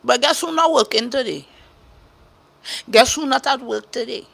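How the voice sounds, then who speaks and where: A woman's voice: high-pitched, moderate pace, vocal fry. A woman from Trinidad with a Trinidadian accent, a caregiver talking bluntly and profanely on a casual livestream, repeating her points for emphasis.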